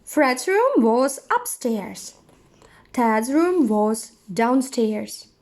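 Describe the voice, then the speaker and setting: Woman reading a kids' book aloud; high, very slow, lively sing-song. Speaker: storyteller. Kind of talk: children's story read-aloud.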